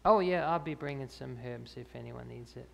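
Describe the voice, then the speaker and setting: A man's voice: medium pitch, normal speed, gravelly. A man answering health questions after a talk in a church hall, explaining with fillers and restarts. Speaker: health speaker. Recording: reverberant church hall, faint ambience.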